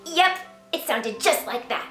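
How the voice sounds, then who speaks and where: Woman storyteller for a children's read-aloud, playful and unhurried, roomy sound with faint music under her. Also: sits high, animated, bright, forceful tone, distant mic. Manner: slow, sing-song and playful, invites kids to join in. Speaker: children's author reading her picture book.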